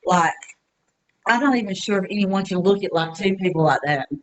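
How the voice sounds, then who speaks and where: A heartbroken woman, speaking alone at home in a raw confessional vlog, halting with many fillers and pauses, close to tears. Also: medium pitch, lo-fi sound, slight background noise. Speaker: vlogger. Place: her apartment.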